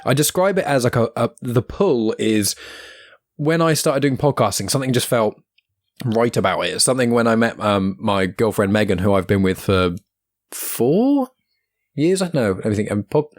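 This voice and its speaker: A man's voice: on the low side, lively intonation, brisk, dry recording, studio quality. A man with a Southern English accent, hosting a podcast interview in a rambling, friendly way. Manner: rambling, many restarts and fillers, friendly. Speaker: podcast host. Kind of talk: casual interview chat.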